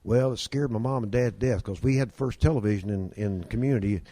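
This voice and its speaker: A man's voice: fairly low pitch, fast, dark tone, a little hiss or hum. A man, telling folksy stories as a guest and doing the voices of the people in them. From Kentucky. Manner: drawling yarn-spinner doing voices of people in his stories. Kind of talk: folksy storytelling.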